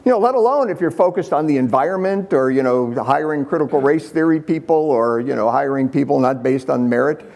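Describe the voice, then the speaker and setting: A man's voice: on the high side, a little fast, vocal fry, hardly any pauses, darkish tone. A man giving a conference presentation with slides, talking to the audience with sarcastic, punchy asides. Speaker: conference speaker.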